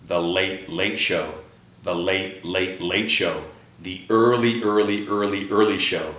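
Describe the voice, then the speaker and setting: A man reads a children's picture book aloud and talks straight to the kids listening. His voice sits low but swings widely in pitch. The room around him is echoey. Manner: animated, talks to children directly.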